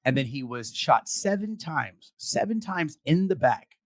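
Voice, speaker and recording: A man hosts a talk show over a video call, his voice sitting a little high and swinging widely as he gets worked up. He stops and restarts his sentences often, pressing his points with feeling. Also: big pitch swings. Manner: impassioned, halting with repeated restarts. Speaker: podcast host. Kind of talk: emotional casual discussion.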